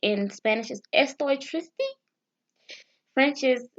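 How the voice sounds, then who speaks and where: A woman with a slightly high voice talks slowly through foreign phrases, stopping and restarting as she sounds out words. Her asides are nervous and self-deprecating. The camera-mic audio is dull and lo-fi. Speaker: vlogger. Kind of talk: casual language practice vlog.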